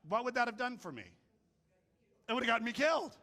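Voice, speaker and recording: A man's voice: extremely high pitch, fast, long pauses. A man preaching a casual, joking sermon, telling stories and doing voices for the people in them. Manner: jokey, animated storytelling with voices. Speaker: pastor.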